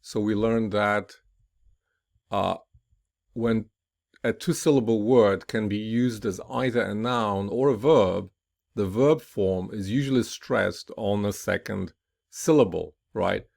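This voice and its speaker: This English pronunciation lesson is led by a man whose voice sits on the low side and is a little mellow. Each rule gets a slow, deliberate explanation, punctuated by "right?" and word pairs spoken with emphatic, clear stress.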